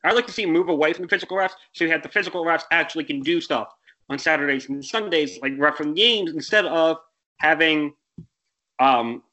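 Bright-voiced young man ranting casually. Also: fairly high pitch. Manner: rambling, self-correcting, exasperated rants. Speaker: podcast co-host. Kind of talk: casual sports podcast chat.

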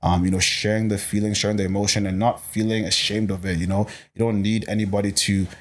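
A man who grew up in Botswana, talking as an interview guest about coaching, passionate and energetic with many restarts. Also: lowish voice, quick pace. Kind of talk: casual interview talk.

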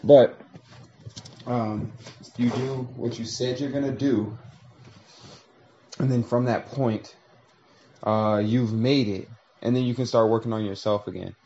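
A man's voice: medium pitch, steady tone, a little slow, pauses often, warm tone, highs cut off, slight background noise. A man talking through a long, reflective monologue, casual and profane, acting out little voices as he tells a story.

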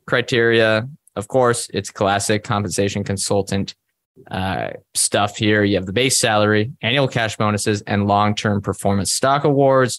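A man co-hosting a casual podcast, talking in a measured, conversational way with frequent fillers. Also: fairly low pitch, a bit bright, no echo. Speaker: podcast co-host. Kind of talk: casual investing discussion.

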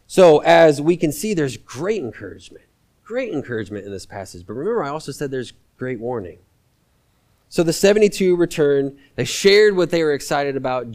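A man preaching a sermon as a guest preacher, talking in a conversational, animated way and repeating lines for emphasis. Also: medium pitch.

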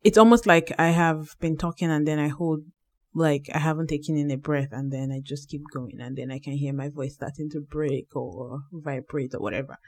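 A young woman co-hosts a casual podcast with a lively, playful delivery. She pushes some phrases out with emphasis. Her voice is a touch low. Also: fairly quick. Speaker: podcast co-host.

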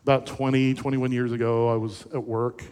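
A man, the pastor, preaching a sermon in an animated, conversational storytelling way, asking the audience questions. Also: mid-range voice, moderate pace, smooth. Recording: echoey hall reverb.

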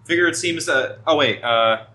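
A man's voice: a little high, normal speed, bright, forceful tone, low-quality recording. A man playing a tabletop game, talking casually and hesitantly with plenty of fillers. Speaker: player.

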